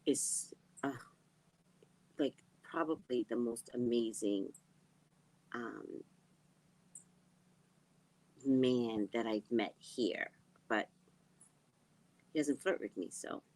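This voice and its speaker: A woman host chatting casually with viewers, giggly and drifting between soft murmurs and loud outbursts. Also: extremely low pitch, slow pace, long pauses, low-quality recording. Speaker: livestream host.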